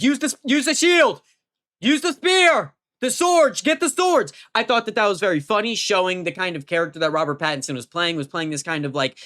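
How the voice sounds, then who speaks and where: With a sharp tone, a young man rambles through a casual movie review vlog, stumbling over fillers and restarts and occasionally cursing; his pitch leaps upward whenever he turns emphatic.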